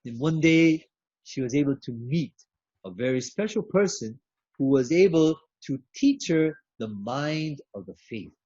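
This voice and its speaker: A man giving an inspirational keynote address, preachy and emphatic, with drawn-out phrases. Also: a little high, animated, darkish tone, no room sound. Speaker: keynote speaker. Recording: dull lo-fi recording.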